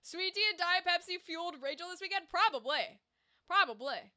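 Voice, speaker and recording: A woman's voice: very high-pitched, fairly even intonation, fast, bright, forceful tone. A woman streaming as a voice actor, chatting casually and candidly, swearing freely with lots of asides. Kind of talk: casual livestream chat.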